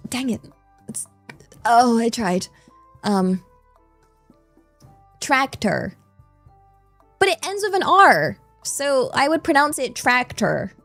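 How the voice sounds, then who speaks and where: A woman's voice: a little high, sing-song, slow, pauses often, a bit bright, no room sound, soft background music. A playful, giggly woman with a West Country English accent, chatting casually with her live-stream audience. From England. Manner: playful, giggly, thanks chat in Japanese.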